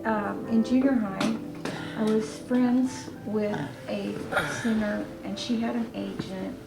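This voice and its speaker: An older woman hosting a casual chat, telling stories in an animated way and acting out quotes. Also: medium pitch, slow pace, creaky. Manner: animated storyteller, acts out quotes. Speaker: host. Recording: echoey room with music behind.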